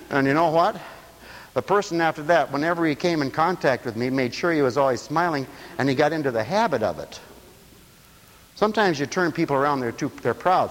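A man preaching a lively sermon, telling stories and acting out the voices of the people in them. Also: fairly high pitch, brisk, long reverb tail, low-quality recording. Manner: animated storyteller, acts out quoted voices, laughs often.

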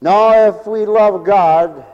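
A man's voice: high voice, slow pace, long reverb tail, muffled recording. A man delivering a humorous radio sermon, scolding and theatrical, playfully mocking his listeners. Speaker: radio preacher.

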